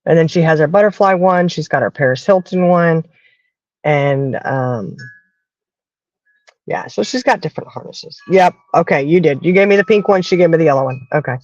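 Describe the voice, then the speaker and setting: A woman's voice: low voice, normal speed, darkish tone, no echo, lo-fi sound. A woman from the American South with a Southern accent, hosting a casual chat and telling stories in a chatty way. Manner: chatty storyteller, acts out quoted voices. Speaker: podcast host.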